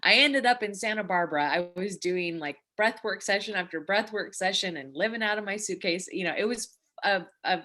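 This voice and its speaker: A woman's voice: medium pitch, fairly quick, bright, forceful tone. A woman hosting a live breathwork session on a video call, chatting emotionally and gratefully with participants, rambling and restarting her sentences. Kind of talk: emotional casual chat with participants.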